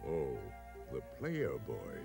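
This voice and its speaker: Casting: a very deep, slow old king, gentle and grave, voice swinging widely, from an old stop-motion cartoon. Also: huge pitch swings, vocal fry, exaggerated voice. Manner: slow, measured, kindly. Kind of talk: 1960s animated film voice acting. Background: soft violin music.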